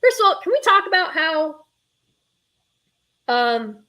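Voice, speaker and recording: In an extremely high, very animated, sharp voice, she talks slowly while hosting her nostalgia show. The young Northern US streamer rambles casually with viewers, reading chat out and cutting herself off.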